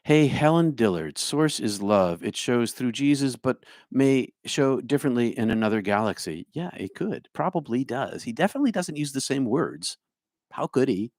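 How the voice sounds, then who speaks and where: A man's voice: mid-range voice, lively intonation, moderate pace, darkish tone, no echo, clean studio sound. Musing New Jersey man reading chat. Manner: musing, talks to viewers by name, hums to himself. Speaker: spiritual speaker reading live chat. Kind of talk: livestream chat reply.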